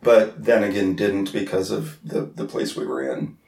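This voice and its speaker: A man's voice: fairly low pitch, steady tone, darkish tone. Podcast guy rambling through a story, keeps restarting words, echoey room. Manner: halting, repeats words, laughs at himself. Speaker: podcast co-host. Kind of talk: casual storytelling chat.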